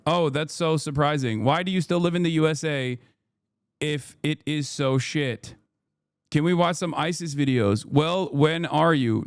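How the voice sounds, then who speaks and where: A man in his thirties rants through a live-stream news reaction, firing off rhetorical questions. His voice sits a bit high, and the sound is dry and close. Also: no echo. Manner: fast, heated ranting with rhetorical questions.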